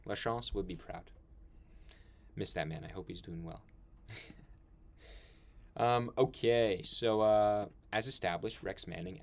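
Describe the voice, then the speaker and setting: A young man hosts a loose, casual film chat, rambling along with plenty of fillers and laughs. His voice sits a little low. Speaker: podcast host.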